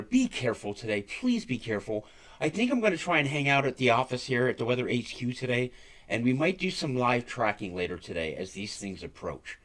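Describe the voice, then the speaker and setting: A man hosting a weather forecast show, talking bluntly and emphatically, repeating his warnings and swearing freely. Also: medium pitch. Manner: blunt, profane, emphatic and repetitive. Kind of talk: casual weather forecast talk.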